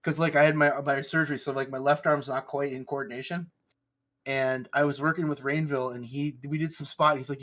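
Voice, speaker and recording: A man co-hosting a casual podcast chat, who swears freely and laughs through animated stories. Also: mid-range voice, fairly quick. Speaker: podcast co-host.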